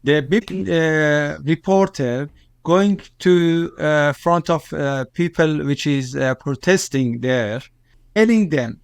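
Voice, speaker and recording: High-voiced man with an Iranian accent. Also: clean tone, no echo, studio quality. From Iran. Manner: halting non-native English with many fillers and restarts, agitated when quoting. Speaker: journalist, interview guest. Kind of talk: recounting events in an interview.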